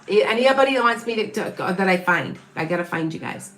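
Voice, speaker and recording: A woman's voice: medium pitch, lively intonation, a little fast, fairly bright tone. A middle-aged woman giving psychic readings on a live stream, rambling and repeating herself as she thinks aloud and reads out viewers' names. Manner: reads out viewer names and counts under her breath. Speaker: psychic reader on a livestream.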